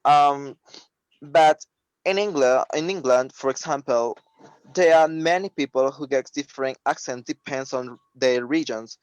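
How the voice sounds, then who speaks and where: A man's voice: mid-range voice, smooth, no room sound, low-quality recording. Native Spanish-speaking man, dry close sound. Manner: halting, many fillers and restarts. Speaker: webinar participant. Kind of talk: casual online discussion. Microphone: video call.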